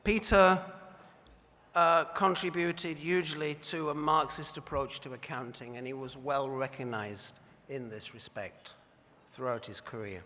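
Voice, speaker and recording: A man's voice: a little high, pushed and bright. Man giving a wry speech in a reverberant hall. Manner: wry, anecdotal storytelling. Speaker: award presenter. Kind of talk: after-dinner award speech. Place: large banquet hall.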